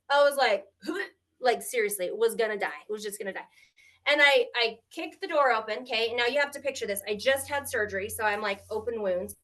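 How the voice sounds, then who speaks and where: A middle-aged woman, a grandmother, telling her story as a guest on a live stream, animated and emotional, acting out what people said. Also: a little high, brisk. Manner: animated, tearful at times, quotes people in shifting voices.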